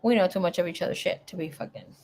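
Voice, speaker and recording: A young woman giving a casual live tarot reading, rambling through personal asides with plenty of swearing and sudden swings between loud bursts and quiet mumbling. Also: on the low side, very animated, fast talker, noisy background. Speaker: tarot reader.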